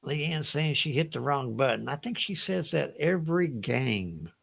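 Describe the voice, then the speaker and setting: A man's voice: medium pitch, lively intonation, a little slow, creaky, fairly bright tone. An older man with a Southern accent hosts a live Bible trivia game, chatting folksily, laughing often and reading each question twice.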